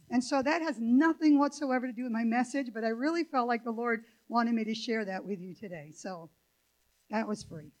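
A woman's voice: a little high, darkish tone, poor audio. An older woman preaching a sermon in a church, chatty and digressive, with many fillers and asides. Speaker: guest preacher. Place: church sanctuary.

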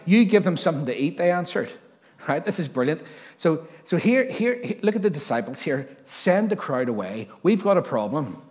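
A man preaching a sermon as pastor in a lively, conversational way, joking now and then and often restarting or repeating words as he thinks aloud. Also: a little high. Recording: long reverb of a church hall.

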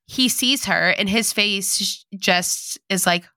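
A woman's voice: mid-range voice, takes it slowly, sharp tone, no echo. A woman co-hosting a casual movie recap, joking and crude as she retells the plot. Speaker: podcast co-host.

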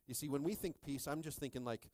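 A man in his thirties preaching a sermon as pastor, animated and jokey, calling out to the congregation for responses. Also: on the high side, quick pace, dry recording.

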